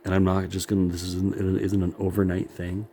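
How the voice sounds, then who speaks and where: A man's voice: deep voice, monotone, a little fast, warm tone, slight background noise. A middle-aged man rambling in a profane, self-critical monologue, laughing often and sounding worn out.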